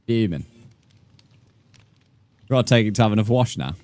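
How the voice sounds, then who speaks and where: Young male streamer, lowish voice, casual and sweary, faint music under him. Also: lively intonation, normal speed, darkish tone, no room sound. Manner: swears freely, chats with viewers, says "mate" often. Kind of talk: casual gameplay livestream chat.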